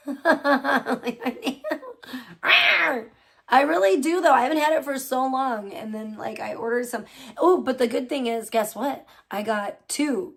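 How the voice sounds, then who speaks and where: A young woman talks loosely on a late-night live stream, her voice sitting a little high. She rambles from one thing to the next with constant fillers and throws in casual swearing.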